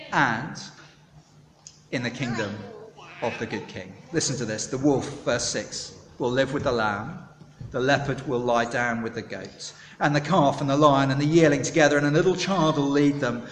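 A man preaching a sermon, chatty and animated, polling his listeners for answers. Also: medium pitch, slight background noise. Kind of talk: sermon with audience participation. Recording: echoey hall, long reverb.

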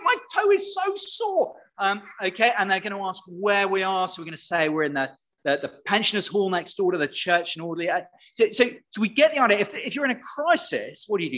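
Guy preaching to kids, bouncy voice goes all over the place, chatty and playful. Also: sits high. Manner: playful, interactive, animated. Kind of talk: all-age sermon with children.

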